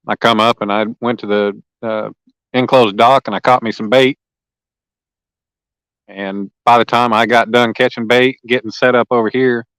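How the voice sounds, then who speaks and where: A man's voice: on the low side, a bit bright, clean tone, no echo, low-quality recording. A man, hosting a fishing livestream outdoors and chatting casually and folksily with viewers by name. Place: lakeside outdoors.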